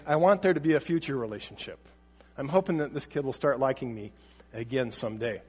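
Conversational man in a reverberant space. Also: a little high. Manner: conversational, acts out quoted dialogue. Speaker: parenting teacher. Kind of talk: casual talk on parenting.

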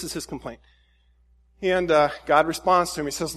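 A man delivering a relaxed, conversational sermon. His voice sits a little higher than most men's. He talks in a folksy way, full of fillers and restarts. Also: moderate pace, long pauses. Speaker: pastor.

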